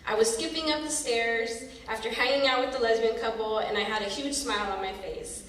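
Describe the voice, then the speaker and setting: Woman storyteller in an echoey hall. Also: fairly high pitch. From San Francisco, USA. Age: 30s. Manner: expressive, dramatic storytelling. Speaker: storyteller performer. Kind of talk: spoken-word personal storytelling. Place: theater stage. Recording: echoey hall from far off, faint noise.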